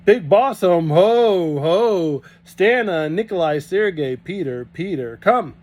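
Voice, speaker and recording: A man reading aloud, voicing a big cheerful Russian farmhand who speaks in loud, broken English. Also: a little high, expressive, slow pace. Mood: hearty.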